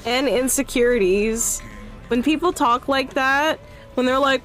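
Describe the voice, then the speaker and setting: A woman streamer chatting casually over her gameplay, breaking into excited outcries now and then. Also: fairly high pitch, measured pace, soft background music.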